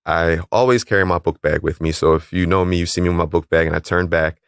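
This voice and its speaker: A man with a very low voice speaks as an interview guest, recounting a personal story in a calm, measured way. He slips into the voices of the people he quotes. His voice sounds close and dry, with no room echo. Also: clear, resonant tone. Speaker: interview guest, calisthenics league founder.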